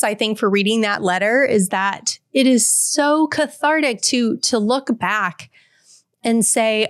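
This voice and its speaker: A woman's voice: on the high side, no room sound, studio quality. A woman in her forties hosting a podcast, reading a heartfelt letter aloud and then reflecting earnestly to the listener. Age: 40s. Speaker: podcast host.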